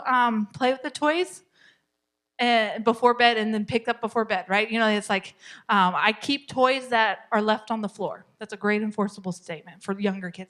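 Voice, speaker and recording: A woman teaching a parenting class at a church, speaking with a somewhat high voice. She keeps circling back to the same advice to drive it home. Her manner is encouraging, and light laughter runs through her teaching. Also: normal speed, a bit bright. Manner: encouraging, repeats key points, laughs often. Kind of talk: live parenting class talk.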